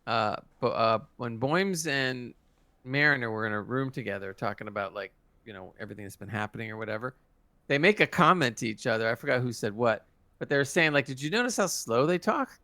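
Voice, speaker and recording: A man's voice: medium pitch, fairly quick, bright, forceful tone, no room sound. A man co-hosting a podcast review, laid-back and easily amused in casual chat. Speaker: podcast co-host.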